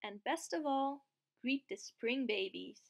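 A woman reading aloud as an eager, cheerful male snowman, in an excited, wondering manner. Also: high-pitched, slow, creaky, full character voice.

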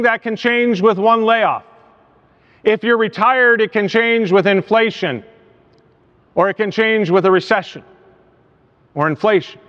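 A man's voice: high-pitched, fairly bright tone. A man preaching a sermon as pastor, asking rhetorical questions and telling stories. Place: church sanctuary. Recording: reverberant church hall, dull sound.

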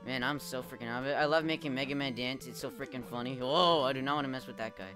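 A young man commenting live on his gameplay, swearing a lot, laughing often and yelling at the game when he fails. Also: mid-range voice, quick pace. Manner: profane, excitable, laughs often, shouts at the game. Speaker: streamer playing a retro game. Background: game music.

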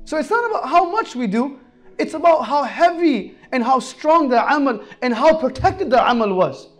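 A man preaching an Islamic sermon, telling stories earnestly and moving between soft, low passages and raised, emphatic ones. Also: very animated, moderate pace, faint music behind.

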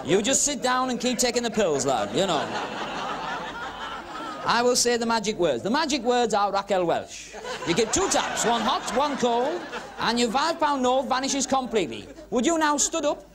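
A man doing comic magic patter on a club stage, teasing audience volunteers with quick cheeky asides. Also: very high-pitched, big pitch swings. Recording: 1970s TV broadcast with crowd laughter and hiss. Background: audience laughing and murmuring.

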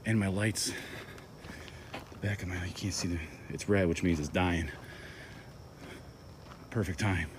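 A man filming himself on a wooded trail at night, nervous and swearing in hushed tones, out of breath, recorded on his camera rig mic. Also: low voice, measured pace, long pauses, noisy background. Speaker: vlogger. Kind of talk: night walk vlog. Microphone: camera rig mic, handheld.

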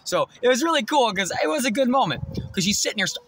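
Quick and fairly bright, this man's voice sits on the high side, with a little background noise behind it. Parked in a parking lot, he spins a profane, agitated, bragging story in a casual vlog.

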